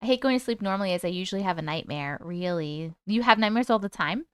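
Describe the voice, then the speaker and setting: A woman hosting a live stream, reading viewer comments aloud and greeting people in a bubbly, chatty way with a high, squeaky voice. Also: lively intonation, quick pace, hardly any pauses, clean tone, dry recording, studio quality. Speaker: host reading live chat. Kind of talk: casual live-stream chat.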